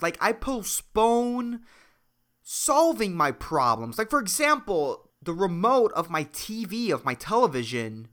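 A man's voice: sits high, sharp tone. A man from Puerto Rico hosting a solo comedy podcast, rambling and swearing, swinging between worked-up rants and mumbled asides. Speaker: podcast host.

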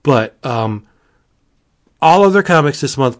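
Excitable man gushing about comics. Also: normal speed. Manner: gushing, excitable, jumps to high exclamations. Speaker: comic book reviewer. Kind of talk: casual podcast chat.

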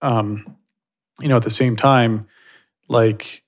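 A man's voice: medium pitch, steady tone, takes it slowly. A man speaking as a guest in a casual interview, thoughtful and rambling with lots of fillers. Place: Silicon Valley.

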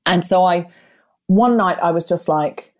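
A middle-aged woman telling a personal story in casual chat, acting out voices with big jumps in pitch. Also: measured pace. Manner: animated, acts out her own and others' lines with big rises in pitch.

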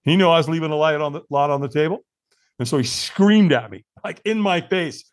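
A man in his sixties from California, a podcast guest telling a story with lively acted-out dialogue. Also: fairly high pitch, fairly quick. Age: 60s. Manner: animated storyteller acting out dialogue.

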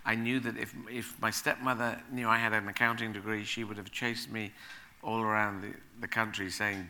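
A middle-aged man, a guest, telling animated anecdotes in a casual chat, rambling and correcting himself as he goes. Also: lowish voice, moderate pace.

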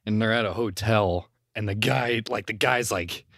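A man's voice: lowish voice, normal speed, fairly bright tone, no echo, clean studio sound. A young man co-hosting a podcast, telling a story in a rambling way, laughing often and swearing casually. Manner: rambling, laughs a lot while telling stories, crude language. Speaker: podcast co-host.

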